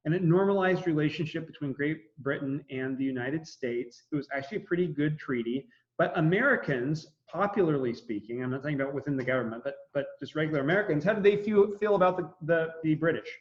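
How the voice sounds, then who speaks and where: A male history teacher lecturing in a loose, joking way, stumbling through fillers and breaking into quick voiced quotes. His voice sits a bit high for a man. The recording is dull and lo-fi. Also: expressive. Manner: chatty, jokey, lots of fillers and acted-out quotes. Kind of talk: casual classroom lecture.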